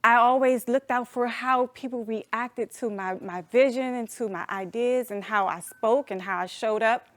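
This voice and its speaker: An adult woman telling a humorous personal story to an audience, animated and playful, calling them y'all. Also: on the high side, no room sound. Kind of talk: storytelling talk.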